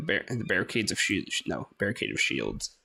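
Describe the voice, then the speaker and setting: A man's voice: low-pitched, big pitch swings, fairly quick, vocal fry, pushed and bright, no room sound. A man casually talking through a game, hesitant and rambling, laughing often and swearing now and then. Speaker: gaming streamer. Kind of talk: casual gameplay commentary.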